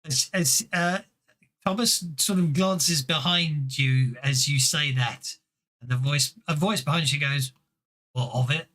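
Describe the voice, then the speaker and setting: Bright male game master, halting and amused, fairly high voice, narrating a tabletop game. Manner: halting, self-interrupting, amused.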